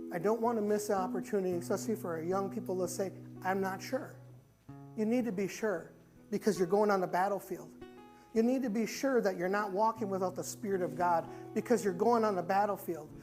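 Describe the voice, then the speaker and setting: A man's voice: high-pitched, a little fast, a little mellow, soft background music. Impassioned male preacher. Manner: impassioned, repetitive preaching with stories. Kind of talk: sermon. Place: church sanctuary.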